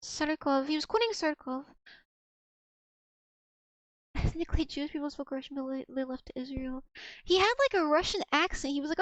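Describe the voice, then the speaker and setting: High voiced young woman streaming, rambly and giggly, dry close sound. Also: quick pace, no echo, muffled recording. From United States. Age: young adult. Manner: chatty, rambling with frequent restarts and giggles. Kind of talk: casual livestream chat.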